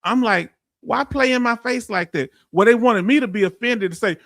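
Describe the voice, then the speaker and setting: A man with a Texan accent hosting a live stream, emphatic and animated, reading out chat comments and laughing often. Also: sits high, brisk, hardly any pauses, dry recording, studio quality. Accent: Texan English. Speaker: veteran live-stream host.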